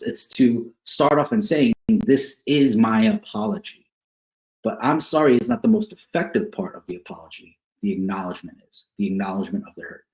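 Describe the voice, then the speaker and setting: A man's voice: mid-range voice, darkish tone. A man working as a counselor, explaining to couples how to apologize, repeating key words and often checking in with "right?". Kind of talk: teaching on couples conflict. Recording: echoey room.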